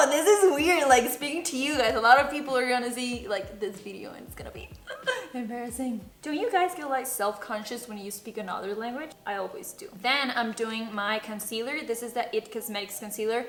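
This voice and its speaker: A woman's voice: fairly high pitch, fairly bright tone. Giggly woman with a spanish accent. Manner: giggly, casual, swears freely. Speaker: beauty vlogger. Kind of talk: chatty makeup tutorial. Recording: roomy echo, faint music.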